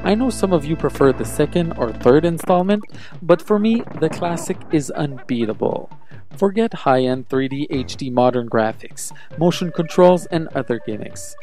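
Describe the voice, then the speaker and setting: A man's voice: on the high side, lively intonation, normal speed, warm tone, faint music behind. A man from Quebec reading a scripted countdown of his favourite video games, enthusiastic and nostalgic about his childhood. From Quebec, Canada. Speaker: video game reviewer.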